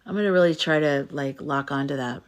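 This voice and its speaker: A tired woman hosting a casual livestream, chatting as she reads viewer comments aloud and reacts to each one. Her voice sits fairly low for a woman, and she talks in a loose, conversational way. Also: a little fast, clear, resonant tone. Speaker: livestream host reading chat comments. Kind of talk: casual live-stream chat.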